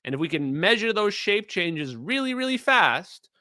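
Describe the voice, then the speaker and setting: A man's voice: high-pitched, very animated, normal speed, bright, forceful tone, no echo, studio quality. A middle-aged man commenting on clips during a live stream, emphatic and opinionated, talking straight to his chat.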